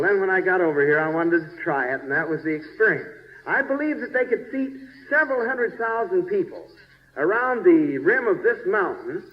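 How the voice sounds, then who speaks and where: A man, a church bishop, narrating a slide show in a folksy, chatty way, checking in with his listeners and groping for place names. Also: high voice. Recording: dull 1970s recording with long reverb.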